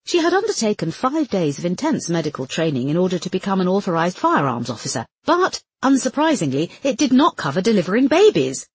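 A woman narrating an audiobook with a low, husky voice and a lively, animated delivery. The reading is scripted and dramatic. It is recorded dry and close. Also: fairly quick, hardly any pauses, no echo.

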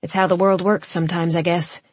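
A woman narrating a first-person audiobook in a measured, reflective way. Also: on the low side, little pitch movement, breathy edge, no echo.

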